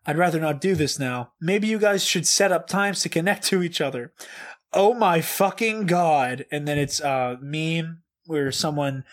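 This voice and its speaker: A man casually reading out reaction notes. He is animated and swears a lot, often breaking into laughter. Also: fairly high pitch, unhurried. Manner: animated, profane, frequent laughter. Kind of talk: casual comedic chat.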